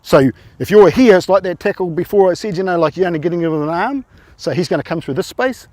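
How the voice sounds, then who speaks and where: A man's voice: high voice, expressive, quick pace, darkish tone, no echo. A man coaching rugby players through tackle drills, informal and encouraging, often quizzing them.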